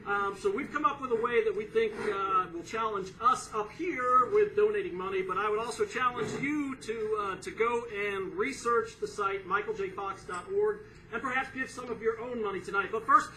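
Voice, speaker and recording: Bright-voiced man on a comedy club stage. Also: high voice. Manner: earnest, explanatory, with filler pauses. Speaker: comedian and resident punster. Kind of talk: stand-up style introduction to a charity pun contest. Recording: distant room recording, faint noise.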